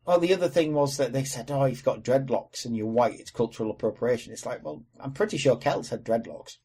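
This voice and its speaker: A man's voice: medium pitch, brisk, mellow, breathy edge. A man from Wales co-hosting a casual podcast chat, opinionated and chatty, swearing now and then. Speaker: podcast co-host.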